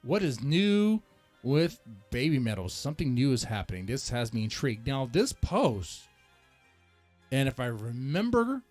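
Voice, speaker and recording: Male reaction host, casual rambling rant, jokey and self-deprecating, mid-pitched, soft music bed. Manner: rambling, joking, self-mocking, animated swings in pitch. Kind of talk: casual ranting commentary.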